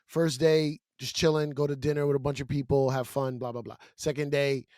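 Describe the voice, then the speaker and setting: A male comedian and podcast co-host telling a story in casual chat, slangy and animated, acting out what people said. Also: mid-range voice, brisk, dry recording, studio quality. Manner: animated storyteller, slangy with "bro", acts out exchanges. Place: podcast studio. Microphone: studio mic.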